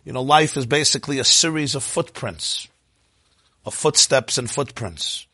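A man teaching a sermon, telling stories in an animated way that climbs to emotional peaks. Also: medium pitch, moderate pace, breathy edge, dry recording, studio quality. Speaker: rabbi.

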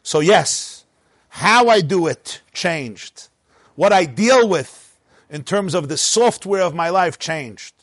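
A man telling a story in an animated way, mixing in Hebrew and Yiddish words as he speaks. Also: high voice, slow, no room sound, studio quality. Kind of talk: storytelling talk.

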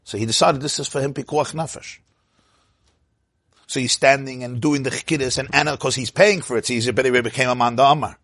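A man teaching a lively Torah class, asking his listeners questions and acting out the people in his stories. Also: mid-range voice, fairly quick, no room sound, clean studio sound. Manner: animated, asks the audience "huh?" and acts out quotes. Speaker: rabbi.

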